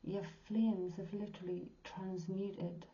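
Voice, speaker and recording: Earnest woman in her sixties, dark mellow voice. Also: medium pitch, level tone, slow. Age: 60s. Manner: earnest and heartfelt, often dropping to a whisper. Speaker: psychic medium giving a tarot reading. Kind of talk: tarot card reading. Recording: dull lo-fi recording.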